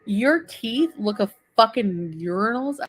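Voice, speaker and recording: A woman's voice: fairly high pitch, animated, unhurried, poor audio. A woman on a livestream, ranting and hurling vulgar insults at the people she is feuding with. She fires out name-calling in bursts and keeps swearing at them. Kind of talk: profane insult rant.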